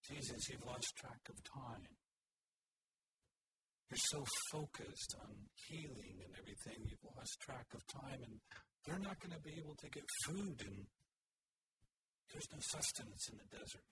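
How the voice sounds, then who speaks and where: A man's voice: mid-range voice, huge pitch swings, unhurried, long pauses. A man voicing anxious disciples, pleading in an urgent, worried way. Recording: hissy recording.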